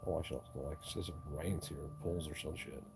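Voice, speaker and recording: A man's voice: rumbling low, steady tone, brisk, creaky. A man from East Tennessee, chatting bluntly and profanely as he works on a job site. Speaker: handyman vlogger. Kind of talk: casual chat while working. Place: outdoors at a rural work site. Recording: loud outdoor background noise.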